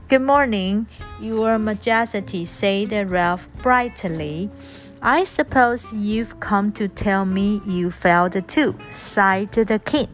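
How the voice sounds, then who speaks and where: A woman reading a storybook aloud as an English lesson, spelling out words letter by letter and explaining them in two languages. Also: medium pitch. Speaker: English teacher.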